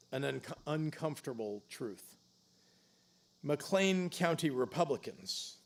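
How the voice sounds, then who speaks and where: A middle-aged man giving a political stump speech at a campaign event, emphatic, rising to loud punches and dropping low for grave points. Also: vocal fry.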